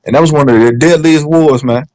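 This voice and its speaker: A man's voice: on the high side, a little mellow, no echo, poor audio. A man chatting casually on a livestream, telling stories in a joking, profane way. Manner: fast, joking, profane storytelling.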